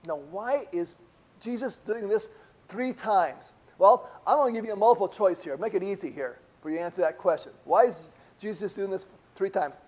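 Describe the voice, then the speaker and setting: A man's voice: high voice, moderate pace, darkish tone. A middle-aged man preaching a conversational sermon to a congregation, asking rhetorical questions as he talks. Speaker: pastor.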